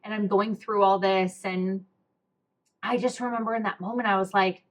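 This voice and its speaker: A woman's voice: mid-range voice, fairly even intonation, moderate pace. Young woman telling an emotional personal story. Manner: emotional, candid, many fillers like "like" and "um". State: close to tears. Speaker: podcast host.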